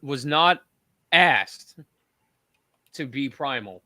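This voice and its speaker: A man's voice: mid-range voice, lively intonation, drawn-out words, bright, forceful tone, dry recording, clean studio sound. A man hosting a casual panel chat, talking in emphatic, rambling rants. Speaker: podcast host.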